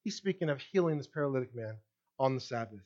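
Animated male preacher, slightly dull recording. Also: fast talker. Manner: animated preaching with wide swings in pitch and loudness; asks the congregation questions directly. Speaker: pastor. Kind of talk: sermon.

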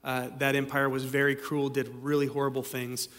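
A man's voice: mid-range voice, completely flat delivery, moderate pace, fairly bright tone. Man preaching a casual sermon in a reverberant hall. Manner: conversational storytelling with many fillers. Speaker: pastor. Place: church sanctuary.

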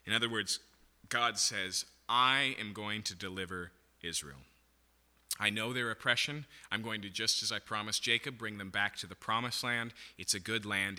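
Male preacher, lowish and sharply bright voice, teaching style, keeps asking "right?", echoing church hall. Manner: animated Bible teaching, frequent "okay?" and "right?". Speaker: pastor. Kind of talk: sermon.

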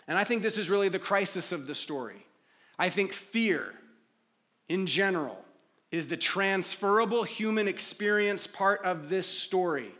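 A man with a high, bright voice delivers a sermon to his congregation. He speaks conversationally, sometimes voicing pleading prayers and sometimes dropping into quiet reflection. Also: normal speed. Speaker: pastor.

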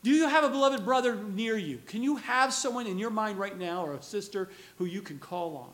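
Male preacher, very high pitch, earnest conversational sermon with rhetorical questions. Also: brisk, fairly bright tone.

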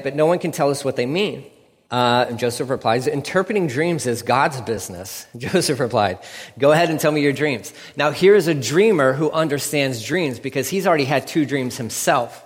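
A man's voice: fairly high pitch, in a large hall. A man preaching a casual, conversational sermon and acting out what people say in shifting voices. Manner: conversational, acts out quotes in varied voices. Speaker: pastor.

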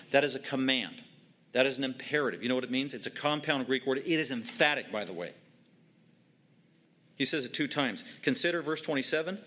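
A man's voice: on the high side, fairly bright tone. A man preaching a sermon, emphatic and repetitive, driving home short commands. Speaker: pastor.

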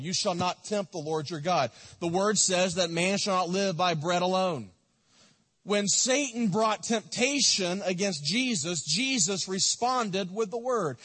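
A man's voice: sits high, fairly bright tone. A man preaching a sermon as a pastor, exhorting and repeating his points, asking the congregation questions. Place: church sanctuary. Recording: echoey hall.

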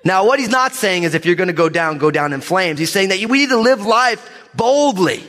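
Animated preacher in a reverberant church. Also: male voice, high-pitched, fairly quick. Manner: animated, joking asides, calls for amens. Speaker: pastor. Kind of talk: sermon. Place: church sanctuary. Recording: long reverb of a church hall.

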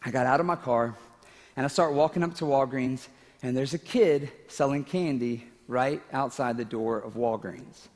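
A man's voice: medium pitch, moderate pace, a little mellow, long reverb tail. A man preaching a sermon, telling a personal story in a casual, emotional way, with laughing asides and moments where he fights back tears. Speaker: pastor.

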